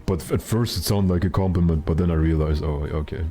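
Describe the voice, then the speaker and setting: Very deep-voiced young man streaming. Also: fast talker, mellow, faint music behind. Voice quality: naturally very deep voice. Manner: rambling, joking, profane, many fillers. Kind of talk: casual game-stream chat.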